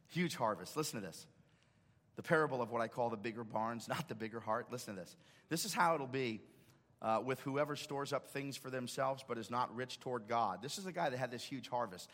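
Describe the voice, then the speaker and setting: A man's voice: medium pitch, animated, a little fast, a bit bright, in a large hall. A male pastor preaching a sermon, quoting scripture with dramatic emphasis and rising intensity. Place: church sanctuary.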